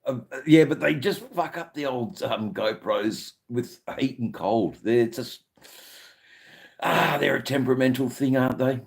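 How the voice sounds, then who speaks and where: A man's voice: mid-range voice, measured pace, creaky. A man with an Australian accent, hosting a live stream and chatting casually with viewers in a rambling, sweary, laid-back way. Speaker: livestream host.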